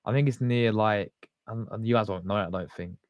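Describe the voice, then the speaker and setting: A man's voice: on the low side, brisk, no room sound, lo-fi sound. A man, hosting a casual livestream and chatting with viewers in a loose, slangy, rambling way. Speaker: fan channel host.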